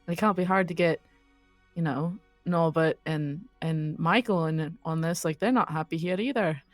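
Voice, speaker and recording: A man's voice: on the high side, normal speed, no echo, soft background music, natural voice. A woman voicing a weary, working-class male warehouse guard who talks hesitantly and fills his lines with "like.". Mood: earnest. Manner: hesitant, full of "like" fillers.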